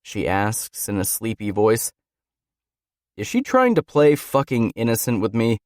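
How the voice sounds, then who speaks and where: A man's voice: lowish voice, sing-song, a little slow, no echo, studio quality. A man reading a first-person romance audiobook in a brooding, intense manner. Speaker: audiobook narrator. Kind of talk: scripted first-person narration.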